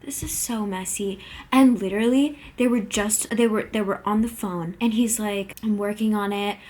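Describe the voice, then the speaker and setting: A woman's voice: medium pitch, normal speed, a little mellow. A young woman talking casually to camera at home, rambling with lots of "like" and gasping, emotional reactions. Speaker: vlogger. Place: at home, sitting in a chair.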